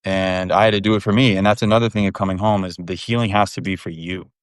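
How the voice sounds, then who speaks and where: A man's voice: low voice, fairly even intonation, quick pace, clean tone, dry recording, studio quality. A man in his thirties talking candidly as a podcast guest, frank and rambling, with plenty of swearing. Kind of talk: candid casual conversation.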